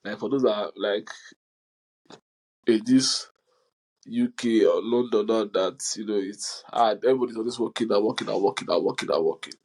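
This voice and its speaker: On a low-quality recording, a young man with a lowish voice speaks at a moderate pace, hosting a casual podcast where he tells stories with energy and laughs frequently.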